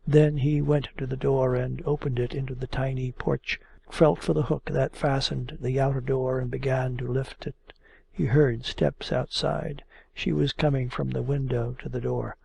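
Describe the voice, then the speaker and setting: A man narrating a classic novel as an audiobook, measured and expressive. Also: mid-range voice, creaky, slightly rough.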